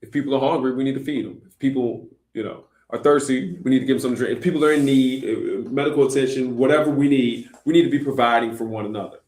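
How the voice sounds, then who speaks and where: A man's voice: mid-range voice, quick pace, hardly any pauses, a little mellow, echoey room. A man hosting a Christian discussion show, talking earnestly with many fillers and restarts. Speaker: host.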